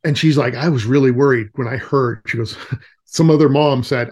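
A man's voice: medium pitch, normal speed, a little mellow, slightly rough. A man in his forties, a nature camp director, telling stories as a guest in a casual interview, with lots of fillers and restarts. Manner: rambling storytelling with many fillers and restarts.

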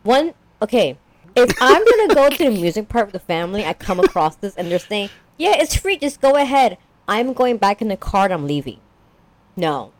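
A woman's voice: mid-range voice, big pitch swings, a little fast, no echo. A young woman casually recapping a story as a podcast co-host, rambling with lots of "like" and acting out characters.

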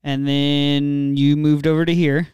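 A teasing man co-hosting a shop podcast, his voice very clean and smooth and a touch high. He is recorded close and dry. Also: little pitch movement, a little slow, a little mellow, dry recording. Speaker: podcast co-host. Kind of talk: casual podcast chat.

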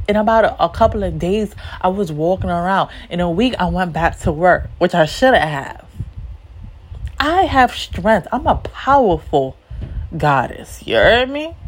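A woman hosting a solo podcast, talking bluntly and emphatically with plenty of swearing and repeated lines. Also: low voice. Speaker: podcast host.

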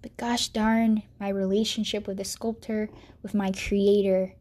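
Earnest young woman, mellow voice. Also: medium pitch, flat delivery, a little slow. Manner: earnest, sorrowful, dips into soft whispered asides. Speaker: speaker sharing a personal faith story. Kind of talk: personal testimony monologue.

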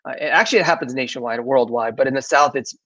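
A man's voice: mid-range voice, fast, pushed and bright. A man hosting a live online show, chatting casually with lots of fillers, restarts and laughs. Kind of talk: casual live-stream talk. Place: southern United States. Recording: dull lo-fi sound.

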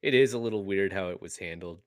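A man's voice: low voice, fast, dry recording. A man hosting a podcast, chatting casually with guests on a call, swearing now and then and laughing easily. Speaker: podcast host.

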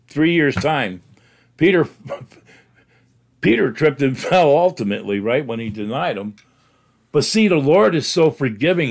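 Folksy older man musing on faith. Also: fairly high pitch. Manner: folksy, rambling, chuckles often. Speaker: Christian talk host. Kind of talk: casual religious talk.

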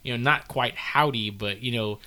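A man from Texas co-hosting a podcast, joking in casual chat and telling stories in halting bursts. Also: medium pitch. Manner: joking, halting, animated storyteller. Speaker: podcast co-host.

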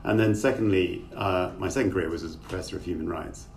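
A man's voice: low-pitched, fast. A middle-aged man, an author, speaking as a guest in a conversational interview over a video call, thoughtful and rambling with many fillers. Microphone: remote call microphone. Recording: distant mic with faint noise.

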